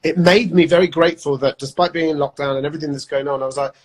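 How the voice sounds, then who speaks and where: A man's voice: fairly high pitch, steady tone, rapid-fire, rough recording. A man and actor, chatting casually and rambling on a live video call, often restarting his sentences. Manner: rambling, self-interrupting, chatty. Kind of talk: casual chat.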